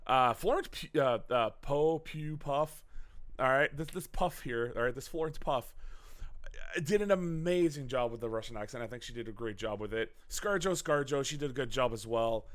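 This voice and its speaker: A man's voice: medium pitch, normal speed. A man co-hosting a casual movie review chat, rambling with lots of fillers, self-corrections and swearing. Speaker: podcast co-host.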